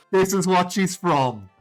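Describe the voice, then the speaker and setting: A man's voice: high voice, lively intonation, takes it slowly, faint music behind. A man hosting a live game stream, chatting casually and rambling with restarts. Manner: rambling, many restarts and laughs. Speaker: streamer host. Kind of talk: casual let's play commentary.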